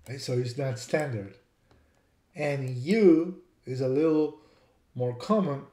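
Man, teacher, mellow tone, echoey room, demonstrates sounds. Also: mid-range voice. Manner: spells words out letter by letter, repeats sounds to demonstrate. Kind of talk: explanatory lesson.

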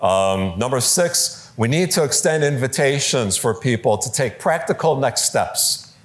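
A man giving a conversational talk on preaching to a live audience, lively, with fillers and quoted voices, in a large room. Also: medium pitch, measured pace. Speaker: speaker teaching preachers.

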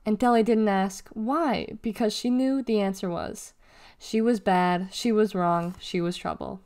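Brief: woman narrator, mid pitch, steady storytelling read of a kids' novel. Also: a little slow. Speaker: reader. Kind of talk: reading a children's novel aloud.

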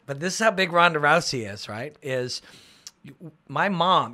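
A man hosting a casual livestream chat about fights, rambling and excitable, with lots of fillers. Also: on the high side, a little slow. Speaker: MMA analyst and show host. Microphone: phone and computer livestream.

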